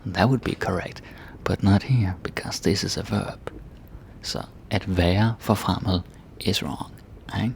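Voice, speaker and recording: A man teaching a casual grammar lesson, relaxed and checking in with "right?" and "eh?" as he explains. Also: sits low, a little slow, vocal fry, in a whisper. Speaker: language teacher.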